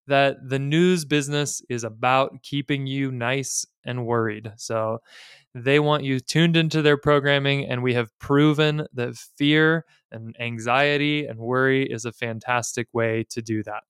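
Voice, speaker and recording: A man in his thirties talks through his podcast in a candid, plainspoken way, dropping in casual asides. His voice is strikingly smooth and resonant. The sound is dry and close, with no room around it. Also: medium pitch, a bit bright, dry recording. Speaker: podcast host. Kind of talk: casual finance podcast talk.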